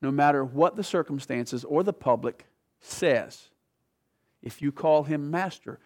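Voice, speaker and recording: Animated man preaching a sermon. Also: fairly high pitch, measured pace. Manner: animated storytelling, acting out quoted voices, soft dramatic drops.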